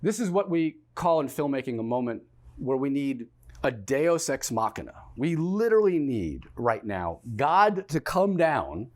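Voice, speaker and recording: Animated New comedian telling a story. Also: male voice, medium pitch, unhurried. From New York. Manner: animated, stumbling over words in excitement. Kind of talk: one-man comedy storytelling. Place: theatre stage.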